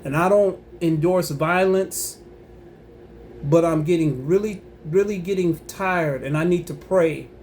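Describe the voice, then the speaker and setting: A man's voice: a little high, darkish tone, slight background noise. A man giving impassioned religious commentary on his own channel, emphatic and preachy, repeating himself and breaking into angry rising outbursts.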